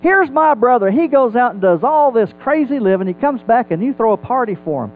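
A man with a high voice teaching a Bible sermon in an animated way, asking his listeners rhetorical questions. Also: brisk, narrow, tinny audio. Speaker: preacher.

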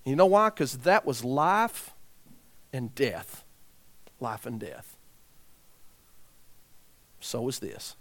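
A man preaching a sermon, dropping to quiet, grave emphasis and rising to loud shouts as he tells a story. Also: medium pitch, sing-song, very slow, long pauses.

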